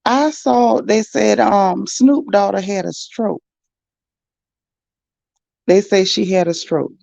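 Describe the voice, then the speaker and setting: Female livestream host, gravelly and chatty, reading viewer comments. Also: medium pitch, slow pace, no echo. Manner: chatty, animated, talks straight to viewers. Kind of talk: casual livestream chat.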